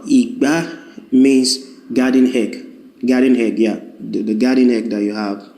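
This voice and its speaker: A man with a mellow, darker voice gives a language lesson. He talks patiently and says words over slowly for the learner. The sound carries some echo from the room around him. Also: medium pitch. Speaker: language teacher. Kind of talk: video lesson.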